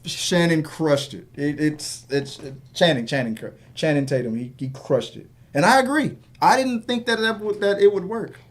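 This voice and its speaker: A man in casual film chat on a podcast, rambling and excitable with many restarts. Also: fairly high pitch, moderate pace, hardly any pauses. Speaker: podcast co-host.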